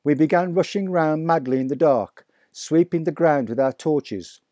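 A man narrating a children's story aloud in a vivid, expressive reading. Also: fairly high pitch, no room sound, clean studio sound. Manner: slow, deliberate, vivid storytelling. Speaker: audiobook narrator.

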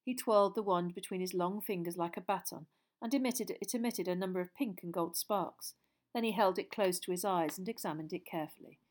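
A woman narrating a storybook in steady audiobook style. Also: lowish voice, a little fast.

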